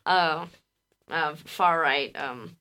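A woman co-hosting a podcast in casual chat, rambling and quick to laugh, with some casual swearing. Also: low-pitched, bright, forceful tone, smooth. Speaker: podcast co-host.

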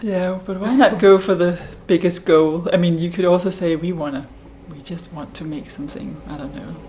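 A woman's voice: fairly low pitch, steady tone, normal speed, warm tone, slight background noise, low-quality recording. A woman artist answering interview questions, thoughtful and hesitant, restarting her phrases. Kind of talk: casual interview.

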